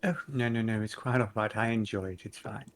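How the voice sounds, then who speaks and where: A man with a fairly low voice speaks in character at a tabletop game session. His delivery is wry and self-mocking, and he often jokes at his own expense. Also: a little fast. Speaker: player voicing a monk character. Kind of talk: in-character tabletop role-play.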